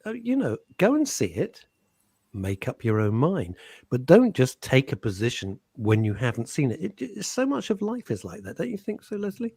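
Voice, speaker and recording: A British man hosting a radio show, chatting and teasing his co-host in a playful, animated way. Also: medium pitch, normal speed, breathy edge, no echo, clean studio sound. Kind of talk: casual radio chat. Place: radio studio. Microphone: studio microphone.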